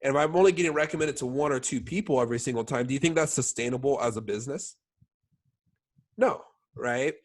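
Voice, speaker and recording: Here a young man with a mid-range voice rattles along quickly in a casual training talk for his sales team. He uses lots of fillers like "like" and constantly checks in with "all right?"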